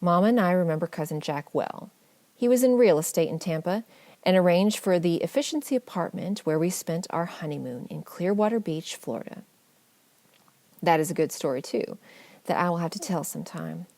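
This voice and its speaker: A woman narrating a family memoir audiobook in a measured, gently wry storytelling manner. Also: on the low side, expressive, no room sound.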